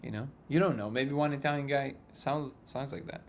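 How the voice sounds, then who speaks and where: Male livestream host, mid-pitched voice, jokey and loose, laughs a lot while riffing on chat comments. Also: normal speed. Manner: jokey, chuckles often between remarks. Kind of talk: casual live chat reading comments.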